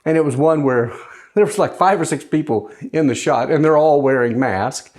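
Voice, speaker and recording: A man's voice: a little high, normal speed, darkish tone. A man hosting a personal monologue show, talking in a conversational, wry way, sometimes sarcastic, as a widower living alone. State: widowed, grieving. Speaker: host.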